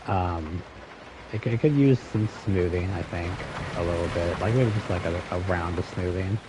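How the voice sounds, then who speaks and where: A laid-back man with a very deep, low voice co-hosts a casual live stream. He talks hesitantly and fills the gaps with ums. Steady background noise sits clearly under his voice. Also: moderate pace. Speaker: co-host.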